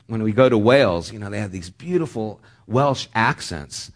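A man's voice: lowish voice, expressive, normal speed, few pauses. A man preaching a sermon as pastor, talking in a conversational way with joking asides.

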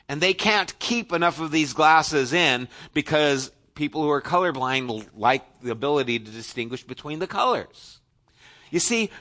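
A man delivers a sermon, retelling a story with conversational asides. For emphasis, he lowers his voice to something soft and low.

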